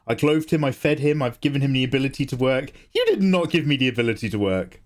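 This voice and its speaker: Joking man streaming, lively pitch. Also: fast talker, hardly any pauses. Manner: joking, swearing, reads chat aloud. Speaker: livestream host, artist. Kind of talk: casual chat while drawing live.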